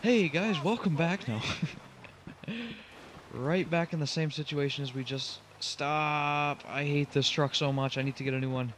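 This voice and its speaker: A man's voice: medium pitch, little pitch movement, moderate pace, pauses often, a little hiss or hum. A young man commenting on his own driving game run, getting frustrated, pleading with the truck and groaning at his mistakes. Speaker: gaming channel host.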